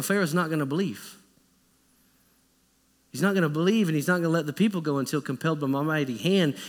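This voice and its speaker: Animated male preacher in a reverberant hall. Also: on the high side. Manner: conversational, animated preaching with acted-out quotes. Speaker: pastor. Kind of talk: sermon. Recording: echoey church hall.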